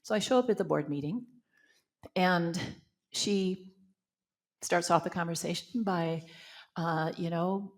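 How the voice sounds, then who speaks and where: A woman's voice: fairly low pitch, a little slow, pauses often. An older woman minister from Canada telling personal stories in a spiritual talk, acting out the voices she quotes, then leading a guided meditation.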